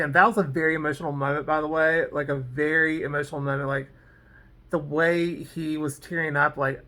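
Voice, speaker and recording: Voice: medium pitch, pushed and bright. A vlogger casually recapping a TV episode, rambling off on tangents with lots of "like" and "um". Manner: fillers like "like" and "um". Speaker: TV episode reviewer.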